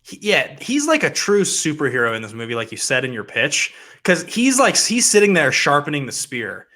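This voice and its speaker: A keen podcast co-host, a man whose voice sounds bright and somewhat high. He retells film scenes with relish and voices the characters' lines as he goes. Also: wildly swooping pitch, moderate pace. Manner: enthusiastic, retells scenes with acted-out dialogue. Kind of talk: casual movie podcast chat.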